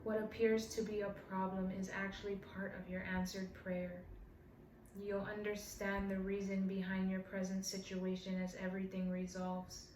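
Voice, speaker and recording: A woman's voice: medium pitch, a little mellow, slight background noise. A woman giving a heartfelt spiritual energy reading to her viewers. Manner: emotional, heartfelt. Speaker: tarot reader. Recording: roomy, distant mic with faint ambience.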